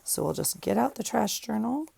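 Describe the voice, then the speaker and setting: A woman's voice: fairly high pitch, expressive, moderate pace, gravelly, mellow, slightly rough, no room sound. A woman vlogger chatting casually in her home craft room, rambling and thinking aloud as she works on a journal page. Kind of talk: casual chat while crafting.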